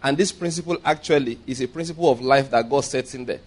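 A man preaches. He speaks emphatically, slows down to stress important words and keeps checking that his congregation is following. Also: mid-range voice. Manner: emphatic, stretches key words slowly, asks the congregation for agreement. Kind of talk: sermon.

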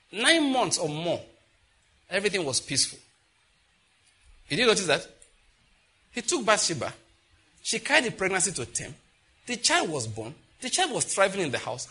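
A man with a Nigerian accent preaching a sermon, telling scripture stories with sudden animated exclamations. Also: high voice, slightly rough.

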